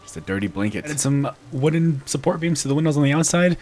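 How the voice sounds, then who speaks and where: A man's voice: a little high, lively intonation, fast, a little mellow, faint music behind. A man giving casual, playful commentary as a gaming YouTuber, poking fun at himself and laughing often. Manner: playful and self-mocking, with frequent laughter.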